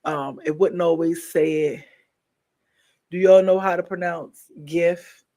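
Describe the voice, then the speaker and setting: A woman's voice: lowish voice, steady tone, slow pace. Playful woman chatting with viewers. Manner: playful, laughs often, swings between loud and soft. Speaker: live stream host. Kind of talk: casual chat with viewers.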